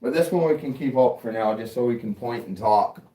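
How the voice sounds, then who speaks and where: A man's voice: mid-range voice, fairly quick, warm tone. A man hosting a casual livestream while working in a garage workshop, rambling and joking and swearing freely. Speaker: livestream host.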